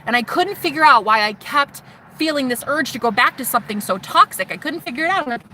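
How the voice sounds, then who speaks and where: Woman vlogger, high-ish bright voice, sassy and profane, personal testimony. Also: fast talker, slight background noise. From United States. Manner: animated, sassy, calls viewer "honey"; swears freely, shouts mocking retorts.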